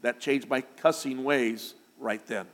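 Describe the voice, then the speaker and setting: A man preaching a sermon to his congregation, building to loud, emphatic declarations. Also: medium pitch, takes it slowly, in a large hall. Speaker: pastor. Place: church sanctuary.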